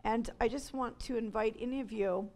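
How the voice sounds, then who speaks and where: A woman with a high, light voice pours out her testimony to an audience as a ministry leader. She talks with great animation, rising to loud cries and then dropping to near-whispers, like a passionate preacher sharing her story. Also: moderate pace, gravelly. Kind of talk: emotional testimony talk to an audience.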